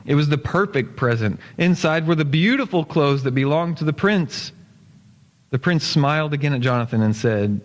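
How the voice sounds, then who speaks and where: A male pastor reading a story aloud in a sermon, with steady storytelling that slows for emphasis. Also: a little high. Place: church sanctuary. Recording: long church hall reverb.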